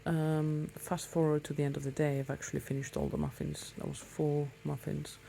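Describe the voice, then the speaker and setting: A woman's voice: low voice, little pitch movement, moderate pace, gravelly, warm tone, slight background noise. A woman talking casually to her viewers while out on a motorbike ride, chatty and rambling with many ums. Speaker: motorcycle vlogger. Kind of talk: casual talk to camera while riding.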